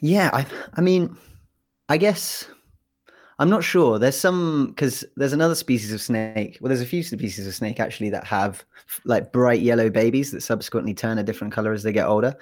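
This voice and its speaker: A young man with an English accent talks in a relaxed, chatty way as an interview guest. He is a PhD researcher who rambles a little, with plenty of fillers and restarts. His voice sits at an ordinary middle pitch. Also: normal speed. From England. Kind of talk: casual interview chat.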